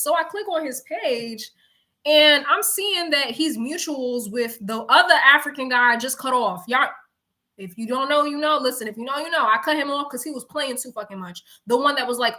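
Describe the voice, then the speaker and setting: A young woman from New York telling a slangy, animated story to her viewers in casual chat, swearing freely and talking straight to the audience. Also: sits high, normal speed. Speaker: live-streaming storyteller.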